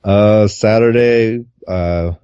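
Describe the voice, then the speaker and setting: Low mellow guy rambling about his week, lots of uhs, muffled lo-fi audio. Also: extremely slow, clean tone, no room sound. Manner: relaxed, rambling with many fillers. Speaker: guest reporter. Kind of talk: casual podcast recap.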